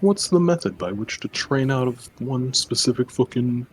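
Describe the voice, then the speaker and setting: A man's voice: mid-range voice, moderate pace, slight background noise. A man playing in a tabletop game, chatting casually and swearing constantly in exasperation. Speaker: player.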